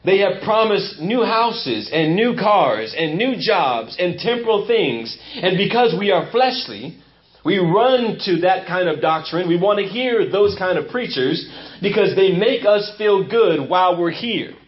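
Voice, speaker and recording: A pastor delivering a sermon in a church with an emphatic, repetitive preaching cadence. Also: male voice, high-pitched, expressive, unhurried. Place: church sanctuary. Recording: muffled lo-fi church recording.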